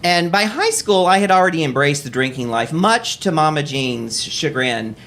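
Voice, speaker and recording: A man from Texas hosting a live storytelling show in a cabaret, telling a personal story in a wry, animated way and often laughing as he goes. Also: on the high side, moderate pace. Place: cabaret stage before an audience.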